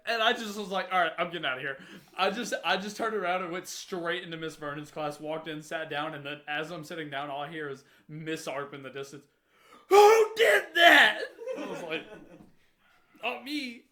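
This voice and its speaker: A young man co-hosting a podcast, telling school stories in a casual, animated way and acting out the people in them. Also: on the high side, brisk, hardly any pauses. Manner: animated, acts out voices in his stories. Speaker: podcast co-host. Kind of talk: casual storytelling.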